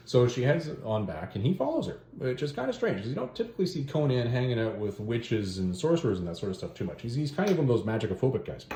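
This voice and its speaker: Talking fast with hardly any pauses, a mid-range-voiced host who reviews stories and comics runs through a loose, joking recap of a story. His retelling is animated and rambling, and the room echo is noticeable.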